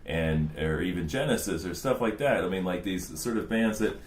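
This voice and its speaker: A man's voice: deep voice, normal speed, slight background noise. A man in his forties co-hosting a podcast, chatting casually and rambling with lots of "like" and "you know". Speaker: podcast co-host. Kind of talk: casual chat. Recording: echoey room.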